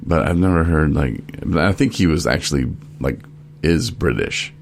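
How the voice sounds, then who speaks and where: A man's voice: very deep voice, expressive, normal speed, vocal fry, a little hiss or hum. A man hosting a podcast in a studio, chatting casually and rambling with many fillers and restarts. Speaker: podcast host.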